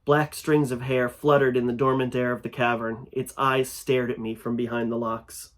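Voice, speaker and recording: A man's voice: mid-range voice, level tone, normal speed, hardly any pauses. Man reading a horror story aloud. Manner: grows louder and tense in frightening passages. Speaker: fiction reader. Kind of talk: first-person horror audiobook narration.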